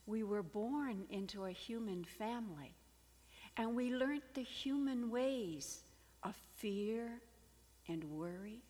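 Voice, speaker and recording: A woman preaching a sermon, telling a fable in an expressive storytelling manner with dramatic swings in volume. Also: a little high, slow, big-room sound.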